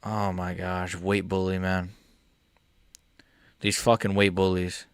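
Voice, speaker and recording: A young man reacting live to a fight for his viewers, swinging between yelling insults and muttering in frustration, swearing heavily and talking to viewers by name. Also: sits low, completely flat delivery, slow pace, clean tone, no room sound, clean studio sound. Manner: swings between angry shouting and muttered grumbling, heavy swearing. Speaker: MMA streamer reacting live.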